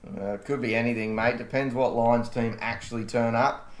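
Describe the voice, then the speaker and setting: A laid-back Australian man chats about sport in short, easy replies, his voice at a middling pitch. The room around him rings with a noticeable echo. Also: steady tone, normal speed. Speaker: podcast co-host. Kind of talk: casual sports chat.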